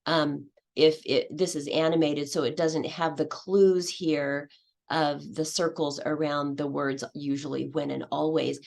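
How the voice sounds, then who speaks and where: A woman's voice: low-pitched, level tone, unhurried, gravelly, a little mellow. A woman giving a conference presentation on teaching, explaining step by step and acting out what her students say. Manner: explanatory, acts out student voices.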